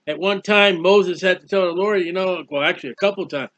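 A Bible teacher gives an informal Bible study sermon, earnest and rambling, reading scripture aloud. His high voice is fast and a bit bright, with few pauses, on a dull lo-fi recording.

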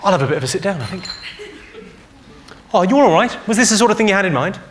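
A man doing a stand-up comedy set on a theatre stage, trading deadpan one-liners and banter with the audience. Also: high-pitched, quick pace. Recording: live show with loud audience noise.

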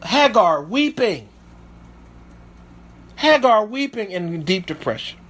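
A man's voice: sits high, very animated, slow, a bit bright, breathy edge. A male pastor preaching a sermon, reading Bible verses aloud and then commenting on them emphatically, with frequent stumbles and repeats.

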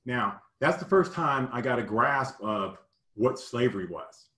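A man from Kentucky earnestly recounting a childhood memory in casual storytelling, halting and full of "you know". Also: medium pitch, animated, a bit bright, echoey room. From Kentucky, US South.

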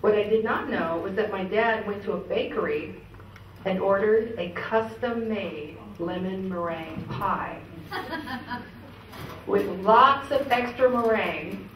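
A woman's voice: mid-range voice, unhurried. A woman telling family stories at a memorial gathering, chatty and laughing, with many fillers. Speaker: memorial speaker. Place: event hall. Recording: echoey hall, distant mic, ambient noise.

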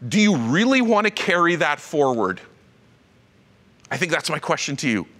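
An animated male pastor preaching with a bright, lively voice that climbs and dips across a wide range. His delivery is conversational, full of asides. It rings out with a long reverb, as in a large church hall. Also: fairly high pitch, moderate pace. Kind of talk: sermon. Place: church auditorium.

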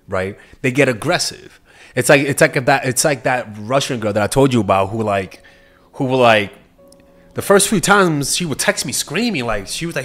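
Blunt, swearing man with a lively voice. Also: mid-range voice. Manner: blunt, profane storytelling with lively swings. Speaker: dating coach. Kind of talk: casual advice talk.

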